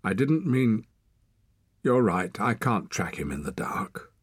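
A fierce, anxious young boy, as a man reads him in an audiobook, sharp and clipped. The voice is husky and lifted a little above the reader's own, with a dry close sound. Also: fairly low pitch, sing-song, takes it slowly, dry recording, pitched above the performer's own voice, exaggerated voice. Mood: tense. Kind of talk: audiobook character voice.

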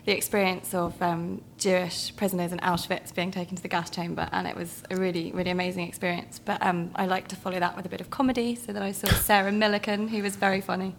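A woman's voice: fairly low pitch, flat delivery, fast talker, vocal fry, few pauses, slight background noise. Chatty woman journalist on stage. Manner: chatty, hesitant with many ums. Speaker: guest journalist. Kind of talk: casual chat. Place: theatre stage.

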